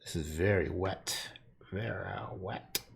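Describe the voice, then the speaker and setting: Livestreaming as he paints, this man keeps up a rambling commentary to himself, full of casual swearing and playful self-mockery. His voice sits low and steady, slow and creaky, with a little hiss or hum.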